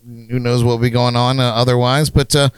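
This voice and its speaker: A man's voice: medium pitch, level tone, brisk, clean tone, no echo. A man hosting a casual podcast chat, rambling with lots of fillers and frequent laughs. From United States. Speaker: podcast host.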